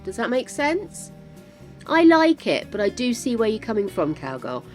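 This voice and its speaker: An older woman chatting to viewers while playing a game on a live stream, easily excited. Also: on the high side, moderate pace, faint music behind. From United Kingdom. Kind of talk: casual live-stream chat while gaming.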